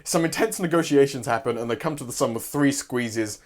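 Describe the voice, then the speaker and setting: A young man casually recapping a story in a rambling, sweary, excitable way. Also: medium pitch, fairly quick, few pauses. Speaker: YouTuber.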